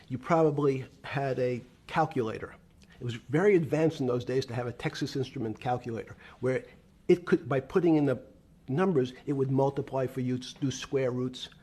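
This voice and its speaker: An older man in a played interview clip, telling measured anecdotes about his past in business. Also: mid-range voice, dark tone, slightly rough. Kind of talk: reminiscing storytelling.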